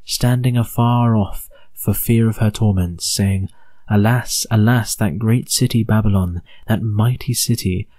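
A man with an English accent narrating an audiobook of scripture in a solemn, measured, deliberate reading. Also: on the low side, a little mellow, no room sound.

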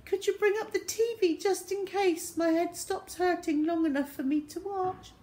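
A woman voicing a sly schoolboy faking illness in a children's story, shrill and pleading. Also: normal speed, mellow. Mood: whiny.

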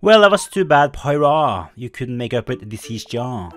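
Excitable man commenting on a game. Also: normal speed. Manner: excitable, jumping into high exclamations. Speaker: gaming channel host.

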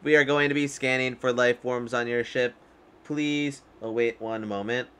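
A man's voice: medium pitch, fairly even intonation, normal speed, fairly bright tone, clean tone, natural voice. A man voicing a chatty male battle droid in a tabletop game, talking in stiff, formal phrases and rambling on.

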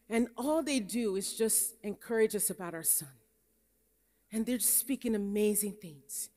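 A Nigerian American woman preaches a sermon in a high, bright voice. She tells stories and climbs into emphatic declarations. The sound carries a long hall reverb from the conference venue. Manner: storytelling, rising to emphatic preaching. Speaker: pastor.

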